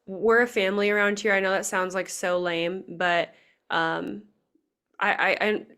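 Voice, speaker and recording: A woman's voice: medium pitch, fairly even intonation, a little slow, a bit bright, clear, resonant tone. A woman in her twenties hosting a live video call, speaking in an earnest, emotional way about faith and self-worth with many casual fillers. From Nebraska. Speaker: podcast host. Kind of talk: heartfelt motivational faith talk.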